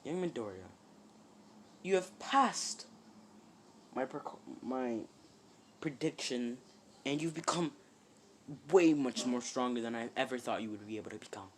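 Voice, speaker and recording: A man voicing an aging male hero mentor, speaking low, quiet and grave. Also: lively intonation, unhurried, pauses often, slight background noise. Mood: solemn.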